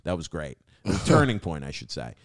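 A deep-voiced young man spins a rambling, swear-heavy story and calls everyone "dude". He sits close to a podcast mic in a dry, dead room. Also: big pitch swings, brisk, no room sound. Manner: profane, says "dude" constantly. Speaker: guest comedian.

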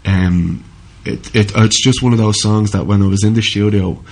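A male musician guest from Ireland, chatting casually in halting, self-correcting speech with many fillers. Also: lowish voice, fairly even intonation. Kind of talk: casual chat, then singing live with guitar. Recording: loud guitar music throughout.

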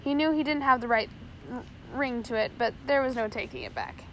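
A woman's voice: high-pitched, fairly quick, slight background noise, low-quality recording. Woman reading an adventure story aloud. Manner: steady, occasional slips and restarts. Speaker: narrator.

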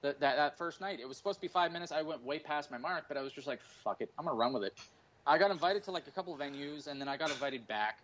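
A man in his forties rambles through profane, jokey stories in casual podcast chat. His voice sits a little high for a man. The recording is dull and lo-fi, like call audio. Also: racing, hardly any pauses, a bit bright. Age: 40s. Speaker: stand-up comedian and guest.

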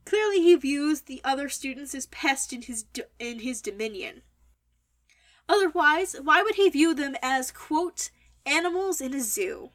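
A woman's voice: high-pitched, animated, unhurried, fairly bright tone. A young woman giving an opinionated, wordy critical review of a novel. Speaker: book reviewer. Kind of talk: critical book review monologue.

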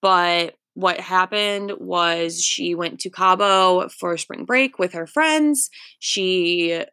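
A woman's voice: on the low side, slow pace, sharp tone, clear, resonant tone, no room sound, studio quality. A young woman in her twenties telling a story on her podcast, chatty and full of filler words. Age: 20s. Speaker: podcast host. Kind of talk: casual storytelling monologue.

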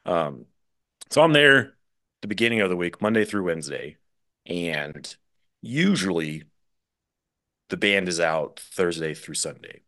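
A young man from the American Midwest talks casually as a podcast guest. His voice sits very low, and he rambles in a loose, easygoing way, laughing readily. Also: a little slow, pauses often. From Midwest USA. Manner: relaxed, rambling, laughs easily. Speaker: drummer guest.

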